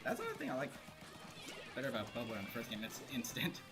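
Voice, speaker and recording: A man giving casual, joking commentary while streaming a game, quick to laugh and to grumble about it. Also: medium pitch, huge pitch swings. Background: game music.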